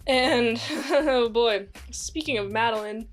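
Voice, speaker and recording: A woman's voice: on the high side, takes it slowly, soft background music. A woman casually recapping a TV episode in a rambling, chatty way, acting out the characters' lines as she goes. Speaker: series reviewer.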